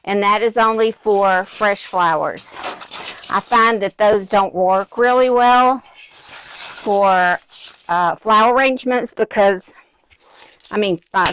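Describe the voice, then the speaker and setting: A woman's voice: medium pitch, fairly bright tone, a little hiss or hum. A middle-aged woman hosting a live craft demonstration, chatting directly to her viewers and slightly out of breath. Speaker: craft tutorial host.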